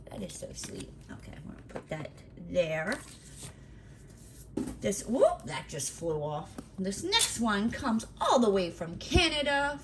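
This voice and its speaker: A woman's voice: mid-range voice, background noise. A middle-aged woman chatting casually at home as she opens mail for her craft vlog, teasing and exclaiming often. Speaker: craft vlogger. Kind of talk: casual chat while opening mail.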